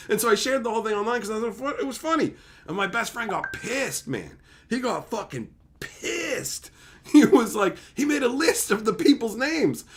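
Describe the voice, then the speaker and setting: A man's voice: sits high, fairly bright tone. A man from Canada hosting a live stream, telling stories in casual, profane chat and laughing often.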